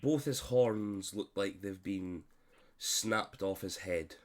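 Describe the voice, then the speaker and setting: A man who is unwell, narrating a tabletop game as game master with halting, filler-heavy speech on a voice call. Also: deep voice. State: unwell, coughing.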